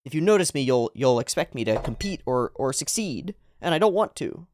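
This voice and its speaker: A man's voice: medium pitch, sing-song, a little fast, a little mellow, slight background noise, lightly acted. A man voicing an anxious young male rapper who begs not to be noticed, pleading and panicky.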